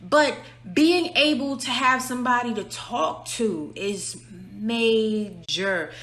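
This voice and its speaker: A woman's voice: fairly low pitch, pushed and bright, echoey room. A woman giving a candid personal monologue, blunt and emphatic, swearing freely. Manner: blunt, frequent profanity, emphatic. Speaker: speaker sharing personal views.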